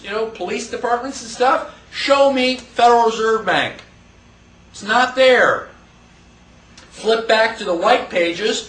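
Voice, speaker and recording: A man teaching a class in a lively lecture, quizzing the students and acting out quotes. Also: extremely high pitch. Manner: animated, asks the class questions, acts out quotes. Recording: echoey room, voice from far off.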